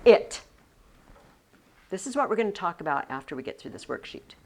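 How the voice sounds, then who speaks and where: A woman teaching a Latin class in a classroom, explaining slowly with frequent restarts. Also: fairly low pitch, big pitch swings, darkish tone, slight background noise. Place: classroom with students.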